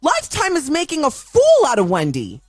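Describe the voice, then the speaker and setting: A woman with a high voice rants in an emotional vlog, her pitch swinging widely as she repeats herself and restarts her sentences. She sounds upset and heartfelt throughout. The recording is dry and close, with faint music behind her. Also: wildly swooping pitch, a little fast, husky, no echo. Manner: impassioned, repetitive ranting with many restarts. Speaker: video commentator.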